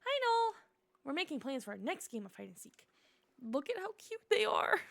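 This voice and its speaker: A woman's voice: sits high, very animated, moderate pace, vocal fry, a bit bright, pitched above the performer's own voice, heavily acted. A woman voicing playful little forest friends in a cozy game, bubbly and teasing.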